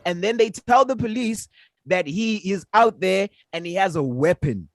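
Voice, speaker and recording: A man's voice: high voice, lively intonation, normal speed, no room sound, faint music behind. A man co-hosting a casual podcast, telling a story in a heated, emphatic, profane way. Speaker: podcast co-host. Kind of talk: casual chat.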